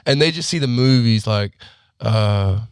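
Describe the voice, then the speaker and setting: A young man in his twenties with an Australian accent, gone slightly American, telling stories in a relaxed, casual way as a podcast guest, full of fillers and easy laughs. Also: medium pitch, unhurried. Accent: Australian, partly Americanized. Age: 20s. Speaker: guest athlete.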